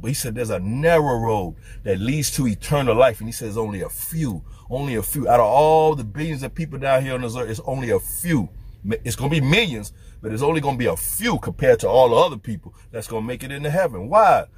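A man's voice: mid-range voice, husky. A man preaching as a street preacher, fervent and firing off rhetorical questions. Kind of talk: preaching to camera.

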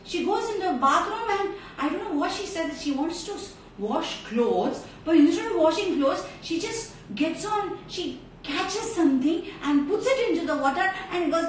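A woman telling a story to children in an animated, direct way, streamed live from a phone. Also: very high voice, moderate pace, hardly any pauses. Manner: animated, talks straight to children. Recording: echoey room, far from mic, faint noise.

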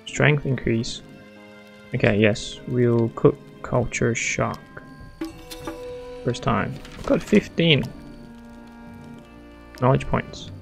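Gravelly-voiced man, excitable gamer thinking aloud, soft game music behind. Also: mid-range voice, drawn-out words, pauses often. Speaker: gamer playing a strategy game. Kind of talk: casual let's-play commentary.

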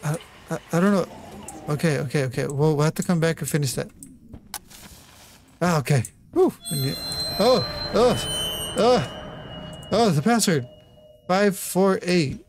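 A man's voice: a little high, measured pace, long pauses, slight background noise. Jumpy, swearing man gaming. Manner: jumpy, nervous laughter, swearing, apologetic. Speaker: gamer. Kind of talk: let's play commentary.

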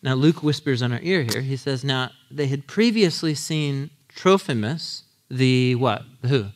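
A man in his thirties preaching a casual, animated sermon, acting out quotes in lively voices and laughing often. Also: mid-range voice, unhurried. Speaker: pastor teaching a Bible series.

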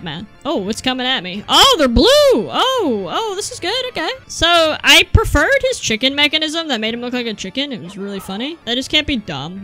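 A young woman giving excited commentary while playing a video game, yelling at the screen and muttering to herself. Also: on the high side. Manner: animated, yelling at the game, swings from mutters to shrieks. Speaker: gameplay streamer. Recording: faint game music behind.

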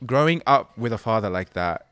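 A man's voice: fairly low pitch, expressive, moderate pace, a bit bright, smooth, dry recording. A British man hosting an interview, asking thoughtful questions full of "like" and "kind of". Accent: British English. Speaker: interview host. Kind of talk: conversational interview.

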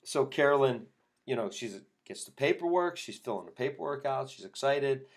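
With an animated, medium-pitched voice at a moderate pace, a chiropractic podcast host tells the story of a patient. He casually performs the whole exchange, voicing both the patient's lines and his own.

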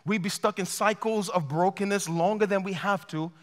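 High-voiced impassioned male preacher. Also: normal speed. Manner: impassioned preaching, acts out heartfelt prayers. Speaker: pastor. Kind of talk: sermon. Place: large church auditorium. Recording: long church hall reverb.

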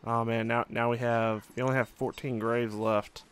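A man's voice: mid-range voice, level tone, normal speed, a bit bright, clean tone. A young man casually commenting on his own gameplay, musing and thinking aloud with frequent fillers. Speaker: let's play host.

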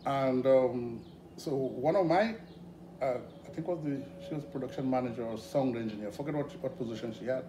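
Animated Grenadian man telling stories. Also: mid-range voice, fairly quick. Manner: animated, hesitant with fillers, laughs often. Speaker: interview guest. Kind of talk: casual storytelling interview. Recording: echoey room with background noise.

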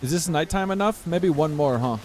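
A young man swears and grumbles at his chat while streaming a game, keeping the commentary casual. His voice is a little high and darkish, and he talks briskly. A slight hiss or hum is audible.

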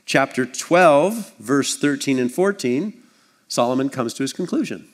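A man preaching a sermon as pastor, conversational and animated, acting out little scenes with asides. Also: mid-range voice, a little slow. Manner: animated, acts out voices and scenes.

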